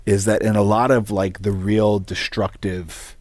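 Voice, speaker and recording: A man in casual conversation about a movie, lively and thoughtful, chuckling between points. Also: fairly low pitch, a little slow, no echo.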